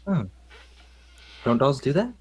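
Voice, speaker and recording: A woman voicing a sleepy, doll-like construct companion who talks in a flat, literal, drowsy way. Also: extremely low pitch, takes it slowly, very noisy, voice pushed down, exaggerated voice. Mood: deadpan.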